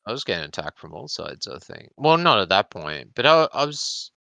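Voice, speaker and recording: A man's voice: lowish voice, very animated, normal speed, creaky, pushed and bright, dry recording. A man chatting casually, rambling through a long story with frequent swearing. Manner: rambling, swearing, explaining community drama. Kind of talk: casual chat.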